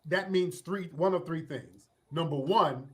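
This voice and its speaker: High-voiced blunt man lecturing. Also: a little slow, a bit bright. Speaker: panel speaker. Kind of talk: casual live-stream commentary.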